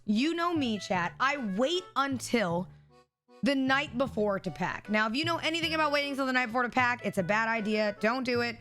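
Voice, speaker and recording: High bright-voiced young woman streamer. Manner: animated, addresses chat directly. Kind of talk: storytime vlog.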